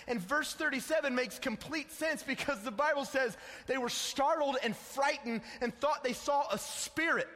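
A man's voice: extremely high pitch, normal speed, hardly any pauses, sharp tone. A young man preaching a sermon in a casual, slangy way, calling listeners dude and bro. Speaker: pastor. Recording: echoey hall with long reverb.

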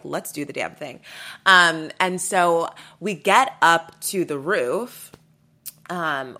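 Podcast host, woman, lowish voice that swings up and down a lot, blunt storyteller who swears freely. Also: sharp tone. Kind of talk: casual storytelling monologue.

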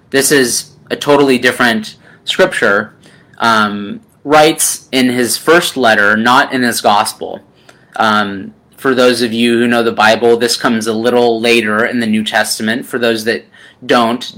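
A man preaching a sermon in a gentle, unhurried way, calling his listeners friend and pausing with ums. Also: mid-range voice. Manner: unhurried with frequent ums and pauses.

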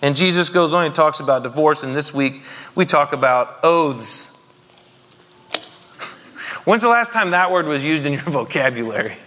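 A man's voice: on the high side, lively intonation, a little slow, pauses often, sharp tone, a little hiss or hum. A man in his thirties preaching a conversational, jokey sermon to his congregation, often asking them questions. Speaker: pastor. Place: church hall. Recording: long reverb of a hall.

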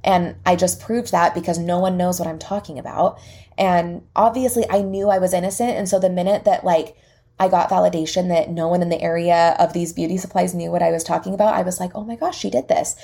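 Low, gravelly young woman telling a story. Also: brisk. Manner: lively retelling that acts out quoted dialogue. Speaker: podcast host and salon owner. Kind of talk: casual storytelling.

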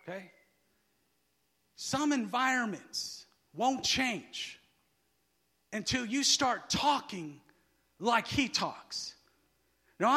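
A preacher with a strikingly high, bright voice delivers his sermon slowly and deliberately. He drops to near-murmurs, then rises to shouted emphasis, and he often leaves a word hanging for the congregation to call out. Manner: swings from hushed asides to shouted emphasis; asks the crowd to finish his sentences.

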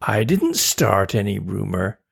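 A man's voice: on the low side, sing-song, a little slow, vocal fry, breathy edge, full character voice. A man voicing a small, anxious schoolgirl in a raised, plaintive voice. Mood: wary.

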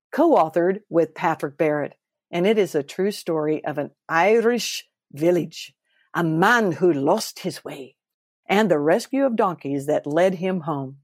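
A woman hosting a podcast interview, bubbly and expressive, her voice swooping up when she gets excited. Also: fairly low pitch, a little slow, dry recording, clean studio sound. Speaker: podcast host.

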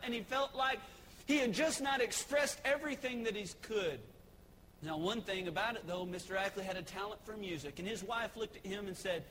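High-voiced impassioned preacher man. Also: slight background noise. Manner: impassioned preaching, swells to shouts. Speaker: pastor. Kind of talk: sermon. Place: church sanctuary. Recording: echoey church hall.

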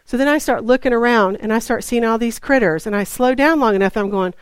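A woman's voice: on the high side, quick pace, clean tone, dry recording. A woman preaching in a chatty storytelling way, acting out her talks with God. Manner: chatty, acts out dialogue with God. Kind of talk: storytelling sermon.

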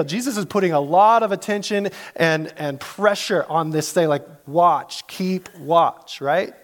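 A man preaching a sermon in a casual, animated way, full of asides and questions to the congregation. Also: high voice. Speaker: pastor.

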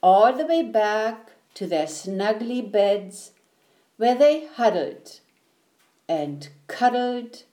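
A woman reading a children's picture book aloud with a slow, rhythmic delivery that follows the rhymes. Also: mid-range voice, sing-song, dark tone. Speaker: storyteller.

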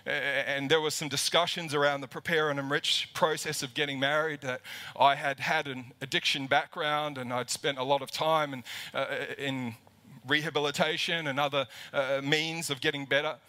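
A man's voice: fairly high pitch, level tone, normal speed, pushed and bright. A man preaching a livestreamed sermon as lead pastor to a camera in an empty church auditorium, impassioned and repeating words as he builds emphasis.

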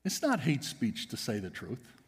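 A pastor delivering an emphatic sermon in a church, swinging between loud and hushed. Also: male voice, mid-range voice, huge pitch swings, unhurried, slightly rough, big-room sound. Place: church sanctuary.

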